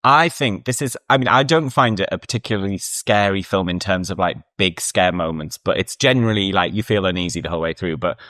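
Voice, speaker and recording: A person co-hosting a podcast, talking through a horror film in a reflective, casual way. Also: male voice, sits low, a little fast, few pauses, fairly bright tone, no room sound, studio quality. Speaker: podcast co-host.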